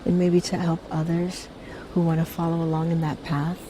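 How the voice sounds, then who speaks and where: Mellow soft-spoken middle-aged woman. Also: lowish voice, monotone, normal speed, a little hiss or hum. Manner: soft-spoken, reflective, with many restarts. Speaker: celebrity guest. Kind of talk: casual interview chat.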